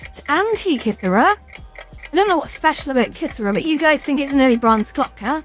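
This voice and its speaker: A young British woman with a high-pitched voice talks fast while streaming a quiz game. She chats casually and reads the questions aloud, stumbling over hard words and mocking herself with a bit of swearing.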